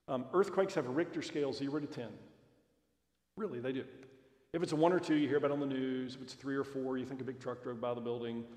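A man's voice: mid-range voice, darkish tone. A man giving a seminar talk to parents, telling stories and acting out the dialogue. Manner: storytelling, acts out dialogue. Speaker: guest speaker at parent seminar. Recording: echoey hall reverb.

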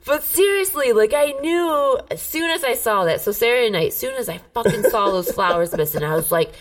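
A woman's voice: on the high side, brisk, recorded from a distance. A woman co-hosting a podcast, telling a heated story in casual chat, swearing a lot. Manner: profane, animated, heated storytelling. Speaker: podcast co-host.

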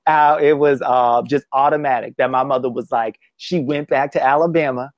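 Man, casual talk, emotional and halting, dry close mic. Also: mid-range voice, steady tone, dry recording, muffled recording. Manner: emotional, halting, many restarts. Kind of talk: casual conversation.

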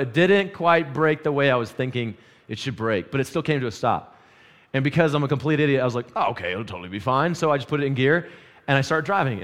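A man preaching a casual sermon, telling a story and asking the congregation questions. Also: mid-range voice. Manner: animated, storytelling, asks the crowd questions; quiet and hushed in prayer. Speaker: pastor.

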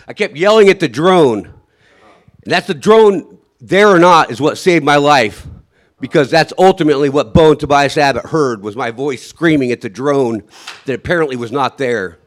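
Animated and on the high side, a man narrates his own survival experience in a halting, emotional way. He often loses the thread and restarts, and he acts out his shouts as he tells it.

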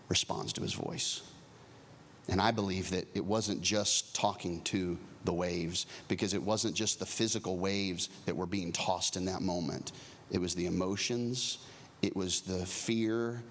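A male pastor delivers a sermon in a mid-pitched voice. He builds to loud, high-pitched emphasis, then drops to soft, hushed near-whispers. His delivery is conversational with lots of restarts. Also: slight background noise.

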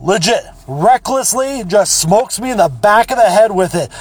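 High-voiced, profane man, dry sound. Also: lively intonation, normal speed, breathy edge, no echo. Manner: profane, rambling, blunt. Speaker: podcast host. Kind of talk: casual storytelling monologue.

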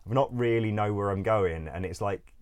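Speaking at a normal pace in a lowish voice, a man loosely rambles through a travel tale. He laughs a lot, swears without hesitation and fills pauses with "like" and "um" in this casual storytelling.

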